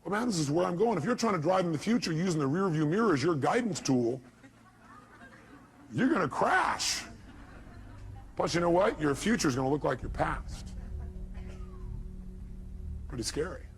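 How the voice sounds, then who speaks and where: A man delivers a punchy motivational talk, his fairly high voice swinging widely as he throws rhetorical questions at the audience. Faint music plays underneath. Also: expressive, fairly quick. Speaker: motivational speaker.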